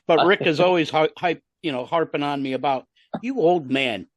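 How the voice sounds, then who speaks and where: A man in his sixties co-hosting a casual podcast, halting and self-deprecating, full of fillers. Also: on the high side, no room sound. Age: 60s. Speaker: podcast co-host.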